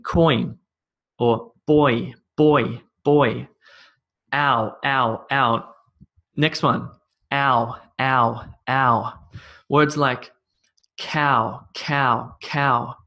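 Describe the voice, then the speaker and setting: A man's voice: mid-range voice, steady tone, extremely slow, fairly bright tone, lo-fi sound. A man with an Australian accent teaching English pronunciation, repeating each word three times. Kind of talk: pronunciation drill lesson.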